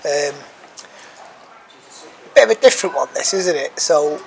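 A man's voice: fairly high pitch, lively intonation, unhurried, gravelly, poor audio. A man co-hosting a casual podcast, chatty and given to repeating himself, recorded sitting in a pub restaurant. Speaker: podcast co-host.

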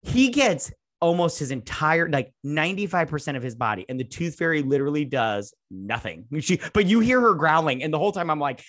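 A man in casual podcast chat who recaps a movie with loud, theatrical retellings, his voice swooping widely up and down. He swears freely, laughs often and stumbles through fillers. The sound is close and dry, with no room around it. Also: fairly high pitch, fairly quick, few pauses, no room sound. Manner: animated, swears often, acts out scenes in exaggerated voices; frequent laughter and filler words. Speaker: podcast co-host.

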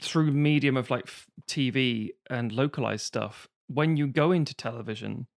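A man's voice: mid-range voice, normal speed, creaky. A man in casual podcast chat who speaks bluntly and swears casually.

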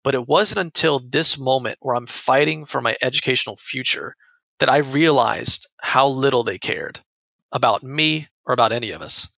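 A man's voice: mid-range voice, moderate pace, gravelly, bright, forceful tone, no echo. A young man earnestly telling a personal story in conversation, often repeating his words. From United States. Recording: dull lo-fi dry sound.

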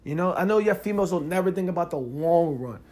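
Young guy w/ aave talking straight at you on his podcast, kinda high voice, gets loud n heated. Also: fast talker. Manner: animated, talks straight to the listener, rising loud when worked up. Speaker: podcast host. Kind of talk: casual monologue.

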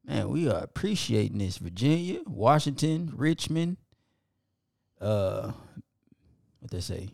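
A podcast co-host reads off his listeners' towns at an unhurried pace, with a gravelly rasp in his voice. He stumbles over names he can't pronounce and apologizes good-naturedly. The sound is dry, with no room echo. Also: medium pitch, big pitch swings, a little mellow. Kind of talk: casual podcast shout-outs to listeners.

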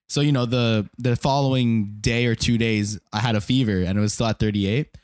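A young man co-hosting a podcast in casual chat, telling stories in an animated way and acting out what others said. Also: moderate pace, no echo, clean studio sound. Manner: animated storytelling, acts out quotes with big pitch jumps. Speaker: podcast co-host asking questions.

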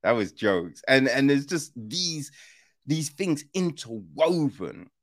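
A man talking casually as a podcast host, full of slang and cheerful swearing. His voice swings widely up and down while his delivery stays unhurried. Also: mid-range voice. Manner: animated, swearing, slangy, laughs often. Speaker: podcast host, film reviewer. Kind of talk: casual chat.

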